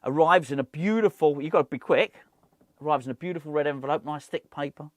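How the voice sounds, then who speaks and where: A man's voice: a little high, quick pace, no room sound. Rambling man, dry sound. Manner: rambling, laughs often, self-deprecating. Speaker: football fan channel host. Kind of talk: casual chat to camera.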